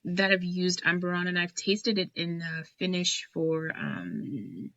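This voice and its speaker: A woman talking with emphatic enthusiasm as a podcast guest. Her voice is bright and forward, and it sits in a dry space with no room echo. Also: lowish voice, measured pace, highs cut off. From United States. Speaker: guest, whiskey founder and blender. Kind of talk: casual podcast interview.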